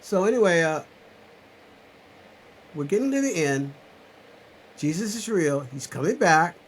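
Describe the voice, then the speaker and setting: A man from South Carolina hosting a live chat at his home computer, rambling and preaching, swinging from loud insistence to muttered asides. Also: a little high, animated, unhurried, a little hiss or hum, rough recording. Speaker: channel host on a live chat. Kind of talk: rambling preachy livestream talk. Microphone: computer webcam mic.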